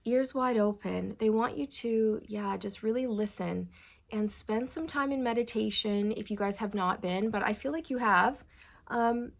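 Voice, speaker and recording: A woman reads tarot cards and passes on channeled messages to her viewers. Her voice is mid-pitched with a gravelly fry. She talks in a loose, meandering way and keeps reassuring her listeners. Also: unhurried. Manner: meandering, reassuring, addresses viewers as you guys. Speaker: tarot reader.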